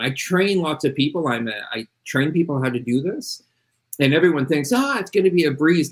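A man's voice: mid-range voice, a bit bright, poor audio. A middle-aged man who works as an addiction interventionist, talking bluntly and emphatically with plenty of swearing in a casual interview.

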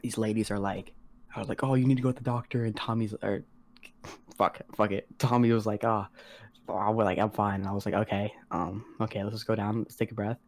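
A teenage boy with a lowish voice, rambling casually through a story with plenty of slang and cursing. He keeps slipping into quick impressions of the people he describes, in a loose, unpolished podcast style. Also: fairly even intonation, darkish tone. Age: teens. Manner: slangy, rambling, heavy on "like" and swearing; acts out quoted voices of others. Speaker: podcast co-host.

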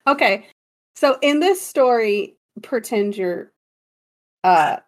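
A woman co-hosting a podcast in casual chat, animated and giggly as she tells a story and directs her partner. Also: fairly high pitch, takes it slowly. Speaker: podcast co-host.

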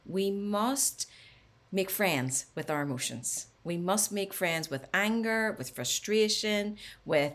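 A woman talking on a podcast, giving animated advice and coaching the host, sometimes dropping to a near whisper. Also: mid-range voice, slow pace. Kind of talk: casual podcast chat.

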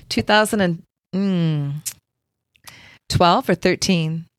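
A woman's voice: fairly low pitch, very slow. A middle-aged woman, a Reiki practitioner, telling a story in casual chat and acting out the voices of the people in it.

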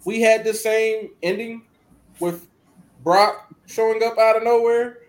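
A man co-hosting a podcast in casual, animated chat, acting out quotes and laughing often. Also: high-pitched, unhurried. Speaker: podcast co-host.

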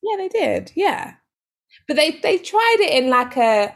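Husky-voiced woman telling dating stories. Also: fairly high pitch, normal speed. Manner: animated storyteller, acts out quoted dialogue. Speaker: podcast co-host. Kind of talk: casual chat.

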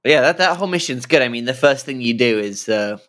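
A man's voice: medium pitch, lively intonation, a little fast, fairly bright tone. A man in a casual chat about a video game, chiming in with side notes and laughing often.

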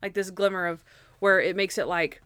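A young woman chatting casually about a TV episode, animated, acting out the characters' lines, with lots of "like" fillers. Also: medium pitch, moderate pace, smooth, dry recording. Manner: frequent "like" fillers. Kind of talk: casual chat recapping a TV episode.

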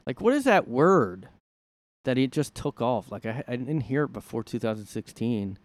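A man's voice: medium pitch, very animated, normal speed. A man hosting a casual solo podcast from his room, talking in a sarcastic, rambling way. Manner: sarcastic, rambling, mocks with put-on voices. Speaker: podcast host. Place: room at home.

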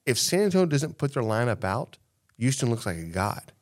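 A man, co-hosting a podcast in casual chat, talking in an animated, emphatic way and repeating himself as he makes his point. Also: mid-range voice, brisk. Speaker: podcast co-host.

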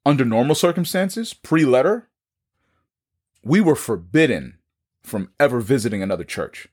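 A man's voice: mid-range voice, big pitch swings, moderate pace, pauses often, darkish tone. A man with a New York accent telling his own story in a casual podcast conversation, acting out the dialogue and repeating words as he goes.

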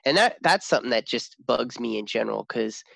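A man with a gravelly, creaky voice talks in a loose, rambling way, laughing often and acting out his daughter's lines. The sound is dry and close, with no room echo. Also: mid-range voice, expressive, a little fast, fairly bright tone. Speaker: father, co-host. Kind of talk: casual podcast chat.

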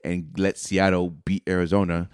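A man co-hosting a casual sports podcast, arguing his picks with quick stumbling restarts. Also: deep voice, little pitch movement, darkish tone, clear, resonant tone, no echo, studio quality. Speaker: podcast co-host.

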